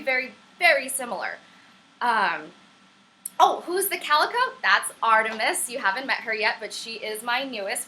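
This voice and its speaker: A woman's voice: fairly high pitch, sharp tone, slight background noise, rough recording. A young woman at home teaching a casual online singing lesson, chatty, encouraging and prone to tangents. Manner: upbeat and encouraging. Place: at home on camera.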